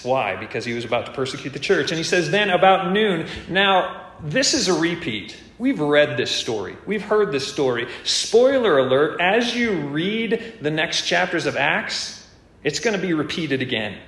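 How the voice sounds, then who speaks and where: A man's voice: a little high, fairly bright tone. A man preaching an expository sermon, earnest and emphatic, lifting his voice on key points. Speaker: preacher and teacher. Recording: roomy echo.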